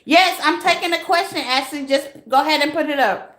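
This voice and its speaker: A woman hosts a relaxed live tarot reading for her viewers, laughing often and breaking into loud exclamations. Her high voice moves a little fast, with a roomy sound and slight background noise.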